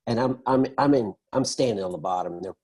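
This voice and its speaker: A husky middle-aged man with a fairly low voice tells his story over a video call. He is animated and conversational, and he slips into the voices of the people in it as he goes. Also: fast, rough recording. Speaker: interview guest.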